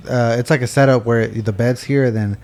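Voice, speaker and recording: A man's voice: medium pitch, steady tone, normal speed, darkish tone. A man casually chatting, agreeing a lot and trailing off while he searches for words. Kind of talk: casual chat.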